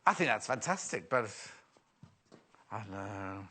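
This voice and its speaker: A man's voice: sits high, big pitch swings, moderate pace, fairly bright tone. A man hosting a live shopping show, chatty and self-mocking, often giggling at his own jokes. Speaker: shopping channel presenter. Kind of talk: live TV sales chat.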